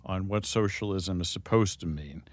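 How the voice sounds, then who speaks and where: A man's voice: sits low, normal speed, no room sound. Man explaining on a talk show, dry sound. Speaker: host.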